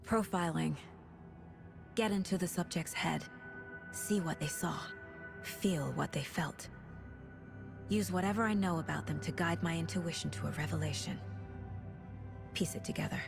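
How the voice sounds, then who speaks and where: An actress playing a focused, analytical FBI profiler in a video game, speaking in a low, measured, often hushed way. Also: female voice, creaky, music in the background. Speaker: game character.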